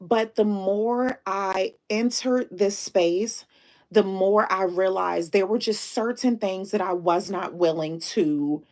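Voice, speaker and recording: A woman hosting a casual live stream. She thanks viewers warmly, drops in French greetings and speaks with emotion, close to tears. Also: mid-range voice, takes it slowly. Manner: chatty, repeats herself, thanks viewers.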